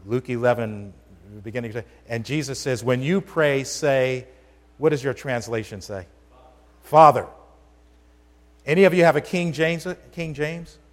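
A pastor preaches a sermon to his congregation in a church sanctuary, speaking conversationally yet emphatically and often asking them questions. His voice is medium-pitched at normal speed, with a long hall reverb on the recording.

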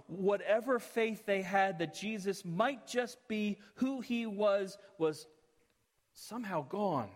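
A man preaching a sermon and leading a prayer, earnest, sometimes dropping to hushed tones. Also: sits high, big-room sound.

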